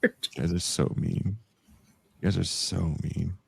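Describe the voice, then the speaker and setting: A husky, low voice with vocal fry comes from a young podcast co-host who speaks unhurriedly and keeps a steady tone. He trades casual, profane stories and performs the people in them.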